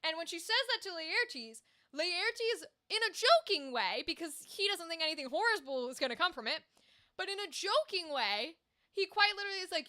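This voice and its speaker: A woman's voice: very high voice, moderate pace. A woman hosting a livestream, animatedly ranting in casual talk and swearing while chatting with viewers. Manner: animated, swearing, talks to chat. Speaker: livestream host.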